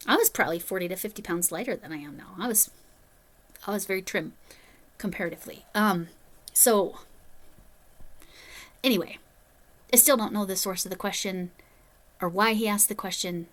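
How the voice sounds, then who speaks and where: Woman, casual storyteller, rambling and self-mocking, mid pitch. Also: moderate pace, pauses often, fairly bright tone. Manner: chatty, rambling asides, self-deprecating. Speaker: crochet vlogger.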